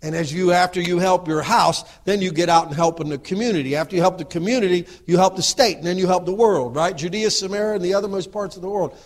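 A middle-aged man rushes through his sermon with hardly any pauses, going from low asides to loud exhortation. Frequently he asks the congregation to agree.

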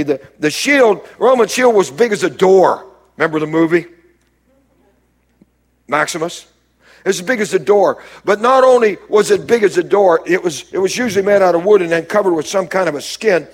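A man preaching a sermon as pastor, swinging between loud rises and quiet low drops and calling out to the congregation. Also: lively intonation, moderate pace. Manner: preaching with sudden rises and drops, calls to the crowd.

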